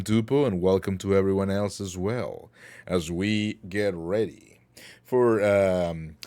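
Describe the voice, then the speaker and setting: A man's voice: lowish voice, darkish tone. A man hosting a livestream talk show, chatting casually and playfully with his chat, rambling and joking with mock anger.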